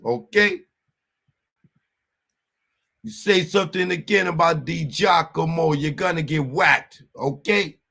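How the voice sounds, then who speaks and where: A scheming Italian-American mafia man, as a man puts him on, leaning in with conspiratorial, wheedling talk. The voice sits high and carries a gravelly rasp. He talks slowly and deliberately. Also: pushed and bright, heavily acted.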